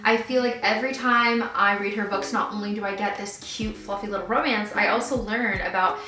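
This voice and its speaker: A young adult woman vlogging her reactions to a book, gushing and excitable with lots of filler words. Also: mid-range voice, brisk, far from the mic. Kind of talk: casual reading vlog reactions. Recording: roomy sound, mic set back.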